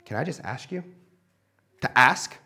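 A man giving a sermon in a church hall, conversational and animated, sometimes dropping to a quiet, reflective tone. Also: mid-range voice, unhurried, gravelly. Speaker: pastor.

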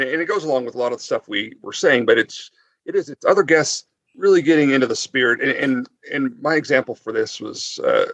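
A man's voice: medium pitch, fairly bright tone, dry recording. A man guest on a podcast, chatting casually and hesitantly with many fillers, heard over a dull lo-fi mic. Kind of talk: casual chat.

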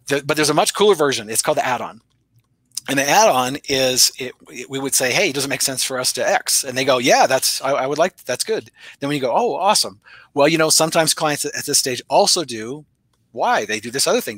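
Male sales coach, quick and sharp-toned, animated storyteller with dialogue impressions; dry, close recording. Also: mid-range voice, no room sound. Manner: animated storyteller, playful voice shifts for quoted lines. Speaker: sales trainer. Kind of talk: conversational teaching with acted-out dialogue.

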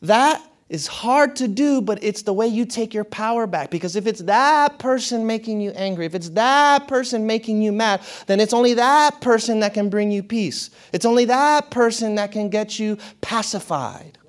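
A man giving a motivational talk to an audience, casual and conversational. He often breaks into laughter. His voice swings from quiet, low stretches up to bright, excited highs. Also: moderate pace, few pauses. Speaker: speaker addressing an audience.

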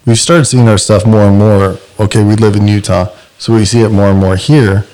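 A man co-hosting a casual talk show, upbeat and promotional as he tells stories and pitches products. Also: steady tone, brisk, warm tone. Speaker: podcast co-host. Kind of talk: casual chat.

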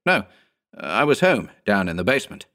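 A man voicing a panicked middle-aged male TV shop owner who pleads and shouts frantically in a storybook reading. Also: on the low side, very animated, normal speed. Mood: shaken, pleading.

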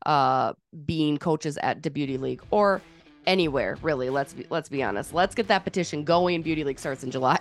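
A woman co-hosting a podcast with chatty, teasing, animated sports talk. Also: low-pitched. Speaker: podcast co-host. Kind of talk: casual sports chat.

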